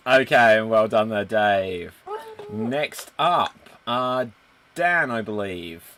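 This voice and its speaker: A man's voice: lowish voice, lively intonation, slow, a bit bright, slight background noise. A man hosting a live improv comedy stream over a video call, upbeat, handing out prompts and scores. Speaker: improv show host.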